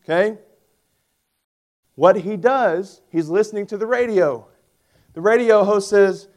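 Man in his forties, pastor, sermon, animated emphatic storytelling, fairly high voice. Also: measured pace, pauses often.

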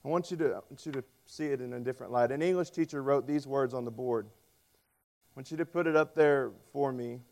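A man preaching a sermon, telling stories and acting out quoted voices with lively emphasis. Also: mid-range voice, a little fast. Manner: storytelling with dramatic voiced quotes; animated, rising loud on emphasis. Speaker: pastor.

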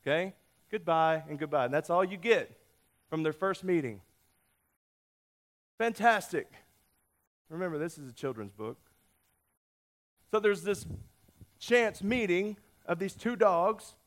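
A man preaching a sermon, telling a story in a playful, lively way with lots of shifts in emphasis. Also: high-pitched, a little slow, long pauses. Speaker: pastor.

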